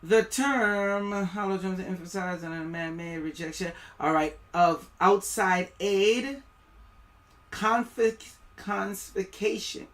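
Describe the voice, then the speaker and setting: Slow, bright-voiced West Indian man preaching. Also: sits high. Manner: preachy and rambling, stumbles over words. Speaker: live streamer. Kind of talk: live-stream commentary, reading aloud.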